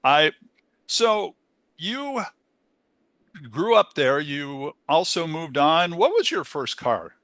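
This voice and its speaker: A man's voice: on the high side, very animated, takes it slowly, pauses often, fairly bright tone, no echo, clean studio sound. A man co-hosting a podcast, chatty and playful, asking questions and plugging the show. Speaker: podcast co-host. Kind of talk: casual podcast chat.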